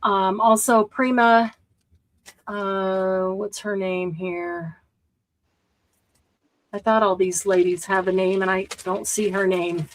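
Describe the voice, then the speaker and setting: A woman's voice: medium pitch, steady tone, takes it slowly, long pauses, poor audio. A woman hosting a casual live-stream craft sale, chatting as she shows items and counts stock.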